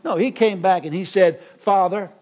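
A middle-aged man preaching a sermon as pastor, animated, with many repetitions and restarts. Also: sits high, normal speed.

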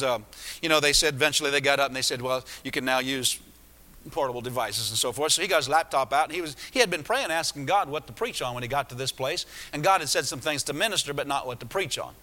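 A man's voice: on the high side, quick pace, sharp tone. A man preaching a sermon, retelling a story with many restarts and asides. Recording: echoey hall.

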